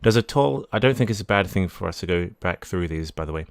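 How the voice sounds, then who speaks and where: A man's voice: low-pitched, lively intonation, fast talker, vocal fry, no echo, studio quality. A man hosting a live podcast stream, chatting casually and reading viewer messages aloud, often restarting and correcting himself. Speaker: livestream podcast host.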